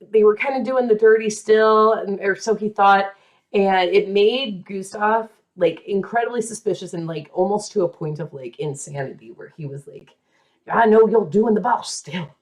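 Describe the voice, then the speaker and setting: This podcast host tells a real-life tale casually but with flair, tossing in side comments and brief character voices. She speaks at a medium pitch.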